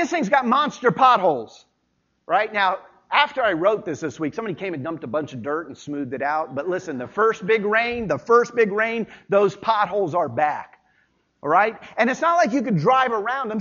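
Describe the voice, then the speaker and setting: A man preaches a Sunday sermon in a conversational, folksy way, with homey stories between the verses. His voice sits high and swings widely in pitch. The church recording sounds a little dull and lo-fi. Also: fairly bright tone. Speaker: pastor.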